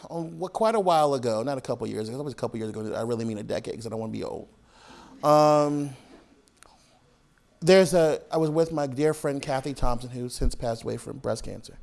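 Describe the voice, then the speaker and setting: A man giving an author talk to an audience, telling lively stories with laughter and acted-out voices. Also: medium pitch, vocal fry. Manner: animated, laughing, acts out voices in anecdotes. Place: public hall with audience.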